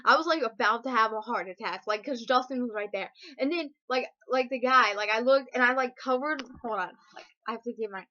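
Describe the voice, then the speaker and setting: A teenage girl vlogging, telling an excited personal story full of fillers, gushing and breathless, with sudden shrieks. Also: a little high, a little fast, hardly any pauses. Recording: dull lo-fi webcam audio.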